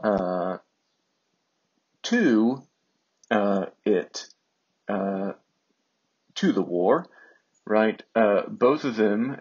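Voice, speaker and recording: A man teaching ancient Greek in an unhurried way, often pausing with fillers. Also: lowish voice, lo-fi sound. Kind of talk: slow explanatory lesson.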